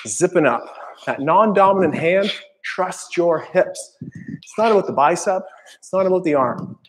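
A man's voice: high-pitched, expressive, measured pace, poor audio. A man co-leading a live kettlebell class, explaining technique between sets. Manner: explanatory coaching commentary. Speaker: co-instructor. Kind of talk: live workout class coaching.

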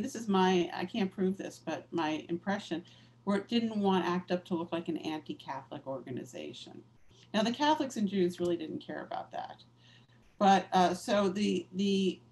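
A woman's voice: on the low side, a little mellow, low-quality recording. A woman author and activist, the guest in a conversational interview, telling stories in a candid, reflective way with casual fillers.

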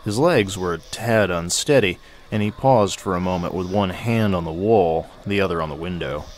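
A man reading a short story aloud at a measured, steady pace. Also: low voice, noisy background. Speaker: narrator.

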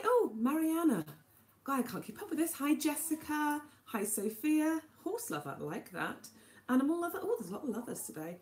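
Young woman from Wales, fast and chatty live-streamer, bit high, tablet mic in an echoey kitchen. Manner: quick, chatty, reading out viewer names. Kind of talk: casual live-stream chat. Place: home kitchen while cooking. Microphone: tablet camera.

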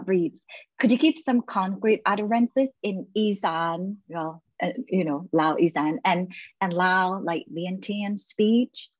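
A woman's voice: mid-range voice, darkish tone, no echo. A woman moderating a webinar Q&A, reading out audience questions and affirming the speaker. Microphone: video call. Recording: dry, muffled video call.

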